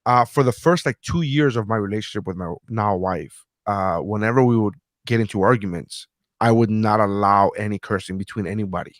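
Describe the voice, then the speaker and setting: A man's voice: on the low side, no echo, studio quality. A man co-hosting a casual podcast, chatting and repeating phrases as he works through a thought. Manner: fast, repeats phrases while thinking. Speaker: podcast co-host.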